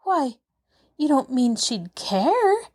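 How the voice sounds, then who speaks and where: A woman voicing a cheerful, eager little girl who talks in a bright, earnest way. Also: sits high, very animated, slow pace, voice pushed up, heavily acted.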